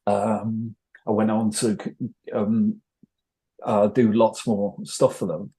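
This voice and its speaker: A man's voice: fairly low pitch, flat delivery, slow pace, warm tone. An older man with a North Welsh accent, telling rambling, self-deprecating stories as an interview guest. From North Wales. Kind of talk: casual interview storytelling.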